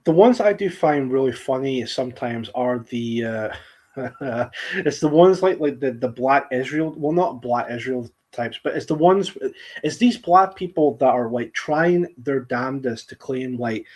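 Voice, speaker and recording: Guy hosting a live stream talk show, rambly, keeps restarting sentences, mid-pitched voice. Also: lively intonation, a little slow, a little mellow. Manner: rambling, with frequent restarts and laughter. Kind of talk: casual chat. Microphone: streaming setup microphone.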